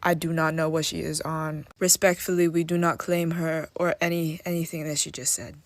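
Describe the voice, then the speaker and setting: A woman's voice: low-pitched, little pitch movement, moderate pace, dry recording. A woman reacting in disbelief to a clip, incredulous and apologetic in a casual way. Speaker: social media commenter.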